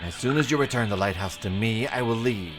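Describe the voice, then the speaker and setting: A man voicing a calm, commanding ancient spirit who speaks in a solemn, measured way. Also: lowish voice, over loud music, voice pushed up, close to an everyday voice. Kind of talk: game character voicing.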